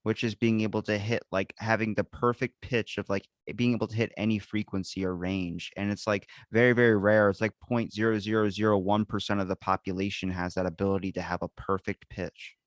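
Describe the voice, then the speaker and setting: A man's voice: on the low side, flat delivery, a little fast, few pauses, dry recording. A man hosting a podcast in casual chat, swearing freely and telling stories with animation. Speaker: podcast host.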